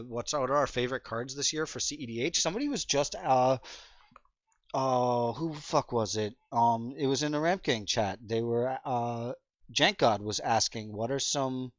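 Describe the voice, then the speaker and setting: A man's voice: mid-range voice, a bit bright, no echo, lo-fi sound. A middle-aged man co-hosting a podcast in casual chat, laid-back, swearing freely and laughing often. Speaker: podcast co-host.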